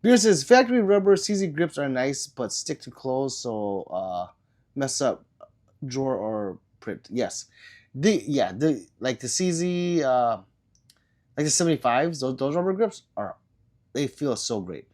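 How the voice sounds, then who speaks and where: A man's voice: medium pitch, big pitch swings, measured pace, a little mellow. Sick man casually reading livestream chat. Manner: loose and rambling, with many fillers and trailing answers. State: sick, coughing. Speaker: livestream host.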